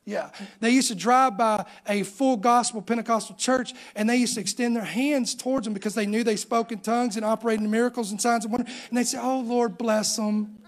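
High-voiced animated preacher man. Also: quick pace. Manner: animated storytelling preacher, voice rising on emphasis. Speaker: pastor. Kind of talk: sermon.

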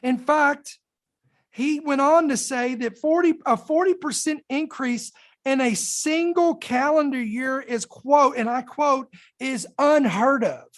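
A woman hosting a podcast, reading news aloud in a fairly high voice. She leans hard on key numbers and slows down so they sink in. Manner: emphatic, dramatic pauses, slow deliberate emphasis. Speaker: podcast host.

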